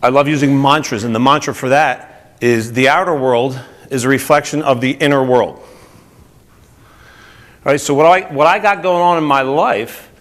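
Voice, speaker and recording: Lively New Jersey man giving a talk. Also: medium pitch, moderate pace. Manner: energetic, asks the audience questions. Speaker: speaker. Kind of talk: motivational talk to a group.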